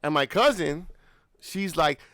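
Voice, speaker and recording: A young man co-hosting a casual chat, telling a story in a rambling, animated way with lots of fillers and swearing. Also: fairly high pitch, unhurried, no echo, studio quality. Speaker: podcast co-host.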